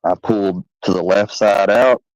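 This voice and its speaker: A man's voice: lowish voice, fairly even intonation, normal speed, a little mellow, no room sound. A young man telling a long, profane story in a rambling, casual way, full of fillers. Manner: rambling and profane, with many fillers and acted quotes. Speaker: channel host telling a story. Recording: dry, slightly dull home recording.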